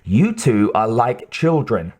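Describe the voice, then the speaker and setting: A man's voice: mid-range voice, big pitch swings, slow, a little mellow. A man reading an audiobook, voicing an impatient crew member who scolds the others. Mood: exasperated.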